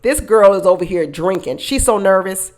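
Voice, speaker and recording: A woman hosting casual reality-show commentary, animated, acting out quotes and laughing often. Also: medium pitch, normal speed. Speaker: commentary channel host.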